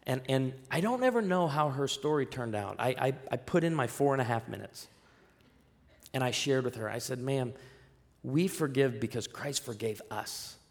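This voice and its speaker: A man, a pastor, preaching a sermon, telling a story and rising to loud, emphatic peaks. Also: mid-range voice, expressive, moderate pace, gravelly.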